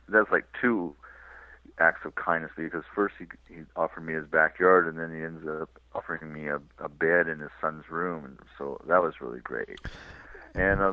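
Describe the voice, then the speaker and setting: A man from California, a touring cyclist, telling his road stories on a radio interview in a relaxed, rambling way. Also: sits low, no room sound. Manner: relaxed rambling storyteller with restarts and small laughs. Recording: tinny dry phone line.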